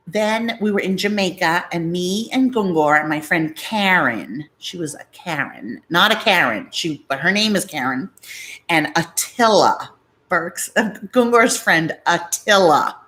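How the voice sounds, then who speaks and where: A woman's voice: fairly low pitch, sing-song, a little slow, fairly bright tone. A middle-aged woman from Massachusetts hosting a live-stream, chatting casually and rambling through stories while reading viewer comments. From Massachusetts, USA.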